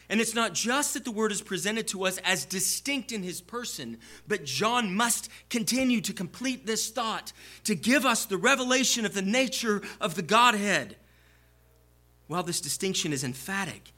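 A man's voice: high-pitched, sharp tone. A man preaching a sermon to his congregation, explaining scripture and building to emphatic peaks.

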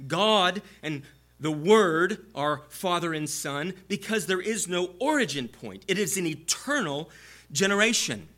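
A man's voice: fairly high pitch, sharp tone. A man preaching a sermon to his congregation, explaining scripture and building to emphatic peaks.

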